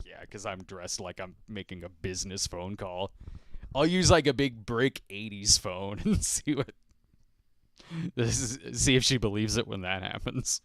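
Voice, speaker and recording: A man's voice: lowish voice, lively intonation, normal speed, no room sound, clean studio sound. A man hosting a casual solo podcast, rambling and self-deprecating, chuckling often as he acts out little scenes. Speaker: podcast host.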